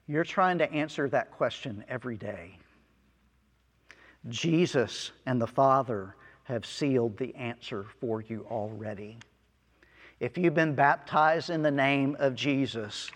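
A man preaching a sermon in a church hall, in an earnest, unhurried way. His voice sits at a middle pitch, and a long reverb trails each phrase. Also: animated. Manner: slow, earnest preaching with soft asides and chuckles. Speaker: pastor.

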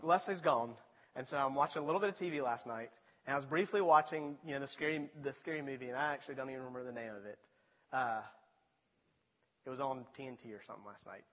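A man preaching a sermon as a pastor, talking in a conversational way and rising to emphatic appeals. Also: medium pitch. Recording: dull sound with long reverb in a large hall.

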